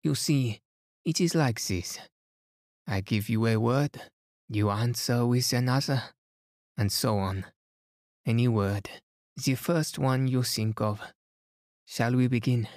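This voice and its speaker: A man voicing a fussy, precise older male detective in an audiobook, speaking gently. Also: mid-range voice, slow, pauses often, dry recording, studio quality, lightly acted. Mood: gentle.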